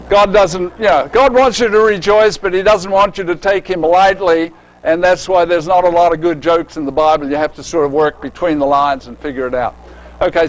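A man's voice: sits high, poor audio. An older man preaching a sermon in a folksy, joking way, often checking in with his listeners.

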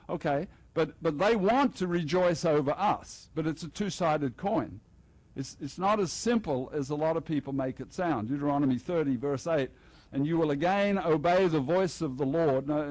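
A man's voice: fairly high pitch, a little mellow, no echo, rough recording. An older man preaching a festival sermon in a loose, joking, conversational way, acting out little dialogues with the congregation. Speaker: pastor. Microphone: headset mic.

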